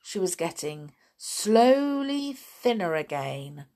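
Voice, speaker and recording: Slow, lively woman reading a children's story. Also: fairly low pitch. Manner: expressive, dramatic read-aloud.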